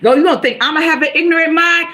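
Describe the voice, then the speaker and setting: A middle-aged woman giving an animated, preachy motivational talk on a live stream, with folksy endearments and bursts of exclamation. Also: high-pitched, rapid-fire. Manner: folksy, calls viewers baby girl and honey.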